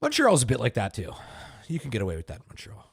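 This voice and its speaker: Casting note: man, mid pitch, very expressive ups and downs, dry close sound. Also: creaky, breathy edge, no echo. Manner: quick reactive questions. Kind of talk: casual chat.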